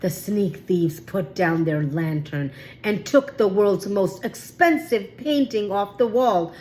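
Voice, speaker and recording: A woman reads a children's chapter book aloud. Her pace is slow and measured, with ordinary pitch, shaping each sentence for young listeners. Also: darkish tone, slight background noise, rough recording. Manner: slow, careful storytelling. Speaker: read-aloud host.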